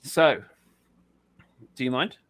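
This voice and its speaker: A man's voice: mid-range voice, slow pace, a bit bright. A man hosting a casual podcast chat. He swears freely, repeats himself and talks in a loose, informal way. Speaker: podcast host.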